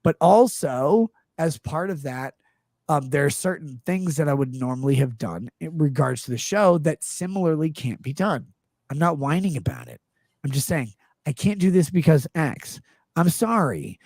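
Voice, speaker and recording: A man's voice: a little high, very animated, moderate pace, a little mellow, no room sound, clean studio sound. A man in his thirties hosting a casual live-stream chat, earnestly and defensively explaining himself at length. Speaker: show host.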